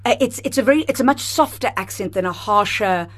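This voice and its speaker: A woman's voice: medium pitch, brisk. A woman theatre director guesting on a radio interview in a studio, speaking with enthusiasm and expression. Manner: enthusiastic, expressive, laughs often. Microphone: studio microphone.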